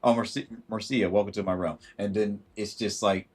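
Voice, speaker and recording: A man's voice: fairly low pitch, moderate pace, slightly rough. A man hosting a casual livestream, talking animatedly, acting out thoughts in different voices and greeting viewers as he goes. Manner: animated, acts out quoted thoughts in shifting voices; greets viewers mid-sentence. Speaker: livestream host.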